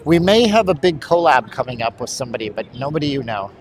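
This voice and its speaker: A man's voice: mid-range voice, very animated, fast. A man live-streaming while walking outdoors on a hot city street, bluntly rambling to his chat. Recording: street traffic noise.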